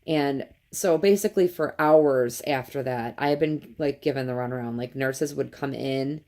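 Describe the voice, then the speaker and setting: A woman's voice: very deep voice, moderate pace, dark tone. A mother in her thirties tells a personal story to camera in an earnest, emotional way and acts out the quotes. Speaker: vlogger, mother.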